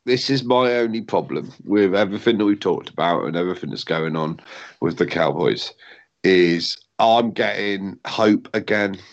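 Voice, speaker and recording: A man's voice: deep voice, normal speed. A British man hosting a casual sports podcast, swearing and laughing as he rambles through stories. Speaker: podcast host. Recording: dull lo-fi sound.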